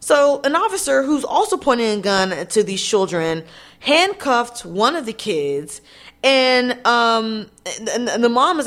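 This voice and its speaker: A woman's voice: fairly high pitch, very animated, measured pace, fairly bright tone. Blunt, profane woman vlogger. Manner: chatty, addresses viewers directly. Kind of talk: casual news commentary.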